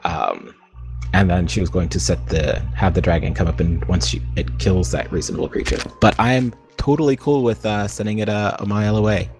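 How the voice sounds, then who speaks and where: Lowish-voiced man playing a tabletop game. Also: steady tone, fairly quick, darkish tone, soft background music. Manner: eager, rambling, describes his character's plans. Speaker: player.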